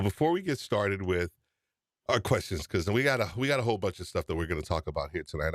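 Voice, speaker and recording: A man's voice: low-pitched, no room sound, clean studio sound. A man hosting a live-streamed podcast show, chatty and upbeat, teasing his guest. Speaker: host.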